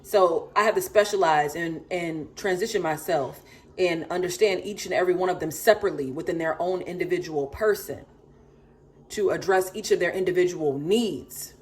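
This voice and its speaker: A woman's voice: on the low side, moderate pace. A woman in her thirties, a mother of four, ranting to camera in an emphatic, sassy way and repeating herself for stress.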